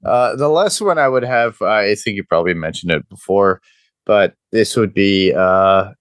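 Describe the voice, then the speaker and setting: A man hosting a casual movie podcast, talking in a relaxed way and thinking aloud with many fillers. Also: lowish voice, normal speed, smooth, no room sound, clean studio sound. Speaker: podcast host.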